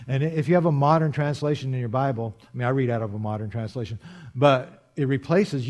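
A man preaching a sermon in an earnest, emphatic way, repeating key words for emphasis and swinging from hushed to loud. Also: mid-range voice. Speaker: pastor.

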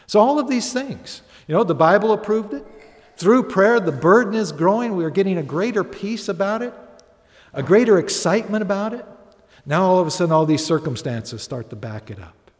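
A man's voice: sits high, animated, fairly quick. A man preaching a sermon, telling stories and building to earnest, emphatic appeals. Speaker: pastor. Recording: long hall reverb.

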